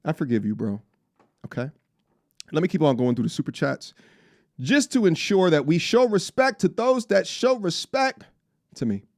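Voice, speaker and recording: A man's voice: fairly high pitch, vocal fry, a bit bright. A man hosting a live stream, reading out super chats in a playful, teasing way and laughing often. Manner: playful, teasing, laughs often, jumps between hype and mock-serious. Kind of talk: casual live stream chat. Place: travelling abroad.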